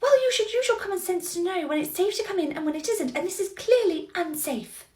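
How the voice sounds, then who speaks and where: A woman playing a cold, officious nursery manager, scolding in a clipped, deliberate way. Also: very high voice, expressive, a little mellow, recorded from a distance. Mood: stern. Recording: roomy echo, faint noise.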